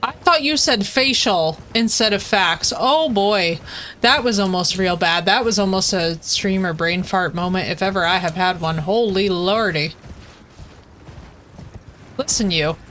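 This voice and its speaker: A young woman streaming live, chatting casually with her audience in an excitable, playful way. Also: medium pitch, normal speed, a little hiss or hum.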